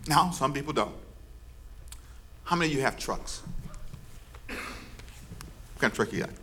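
A man's voice: medium pitch, animated, moderate pace, bright, forceful tone. A man preaching as pastor, leading his congregation in call and response and teasing them playfully. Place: church service before a congregation.

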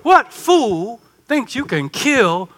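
A man preaching a sermon in a folksy, conversational way, swinging from hushed asides to emphatic calls. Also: extremely high pitch, big pitch swings, slow pace. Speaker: pastor.

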